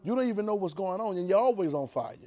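A man preaching a sermon, urging the congregation to repeat lines after him and swinging between quiet, drawn-out talk and loud bursts. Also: high voice, lively intonation.

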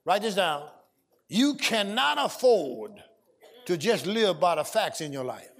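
A man preaching a sermon, shouting and drawing call-and-response from his congregation. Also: on the high side, expressive, normal speed. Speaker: pastor. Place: church service. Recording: live church audio with crowd responses.

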